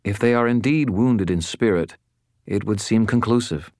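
A man voicing a fallen angel woman who speaks in a measured, polite way. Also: fairly low pitch, darkish tone, no room sound, clean studio sound, pitched above the performer's own voice, close to an everyday voice.

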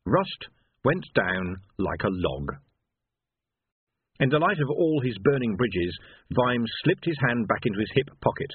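Husky male narrator on a thin line. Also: medium pitch, big pitch swings, no room sound. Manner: wry, measured storytelling. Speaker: audiobook narrator. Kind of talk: scripted narration. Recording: dry phone-like lo-fi sound.

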